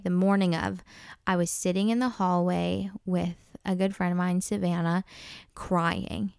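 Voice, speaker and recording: A woman's voice: lowish voice, clear, resonant tone, dry recording, clean studio sound. A young woman from North Dakota hosting a podcast, telling a personal story in a chatty, earnest and emotional way. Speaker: podcast host. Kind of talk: casual storytelling.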